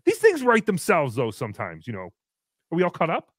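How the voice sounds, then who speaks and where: High-voiced goofy livestream host man. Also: wildly swooping pitch, brisk, dry recording, studio quality. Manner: goofy, mocking, jumps into loud cheers. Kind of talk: casual comedy livestream chat.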